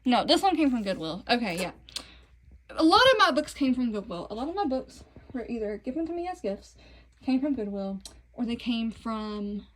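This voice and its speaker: A young woman with a Southern drawl and a slightly high voice chats casually to her viewers. She walks through her shelves with self-deprecating asides, recorded on a phone in her bedroom. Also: big pitch swings, moderate pace, rough recording. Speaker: book vlogger. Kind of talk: casual bookshelf tour. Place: bedroom at home. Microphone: phone camera.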